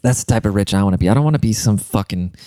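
A man's voice: on the low side, expressive, rapid-fire, dark tone, dry recording. A young man rambling in a casual, profane, self-deprecating monologue as a podcast host.

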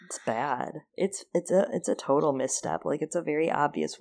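A woman's voice: deep voice, lively intonation, normal speed, darkish tone. A woman co-hosting a casual book discussion podcast, wry and joking. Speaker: podcast co-host.

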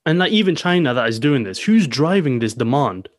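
A man's voice: on the high side, big pitch swings, no echo. Emphatic man, dry close sound. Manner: emphatic, fast, full of filler phrases. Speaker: podcast co-host. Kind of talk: casual podcast chat.

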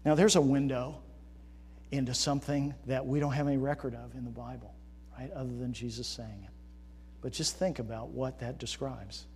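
A man preaching a sermon as pastor, moving between quiet reflection and loud, emphatic rhetorical questions. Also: medium pitch, steady tone, moderate pace, a little hiss or hum. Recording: reverberant hall.

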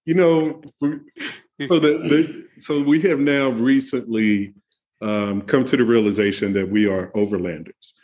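A man's voice: medium pitch, a little slow, darkish tone. A man telling road-trip stories in casual chat, laughing often and restarting his sentences. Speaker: guest. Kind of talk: casual conversation.

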